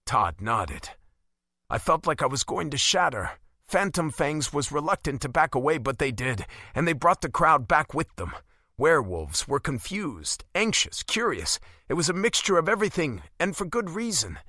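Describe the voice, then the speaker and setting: A male audiobook narrator with a bright, forward voice and a very lively pitch. He reads in first person with dramatic, emotionally charged delivery, in a dry, close recording. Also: moderate pace, dry recording.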